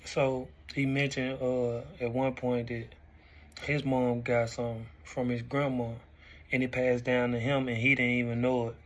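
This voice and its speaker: A young man in his twenties, hosting a weekly talk segment and reflecting in a relaxed, conversational way. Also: mid-range voice, unhurried. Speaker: host. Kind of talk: casual talk-show commentary.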